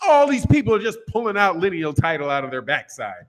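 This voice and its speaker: A man's voice: high-pitched, big pitch swings, a little fast, a little hiss or hum. A man hosting a boxing channel, ranting in a brash, profane, trash-talking monologue.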